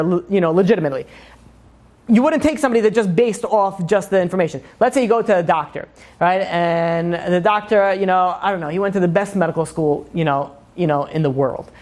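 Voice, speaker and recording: A high-voiced rabbi leads a casual, joking class. He wanders through asides and self-deprecating humor, peppering his speech with "you know" and "like."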